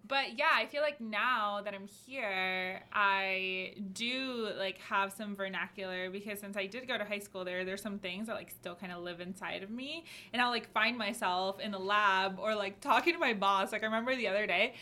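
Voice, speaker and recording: A young woman from Florida with a South Florida accent, chatting casually on a panel with quick asides and frequent laughter. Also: medium pitch, bright, forceful tone. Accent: South Florida American English. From Florida, USA. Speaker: podcast panelist. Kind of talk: casual chat.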